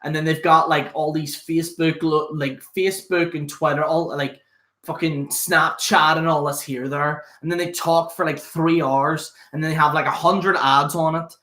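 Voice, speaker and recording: A young man chatting loosely to his stream audience. His voice sits a little high for a man, and he rambles on in casual, sweary talk full of fillers. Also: steady tone, moderate pace, bright, forceful tone. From Northern Ireland. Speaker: host. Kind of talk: casual solo livestream chat.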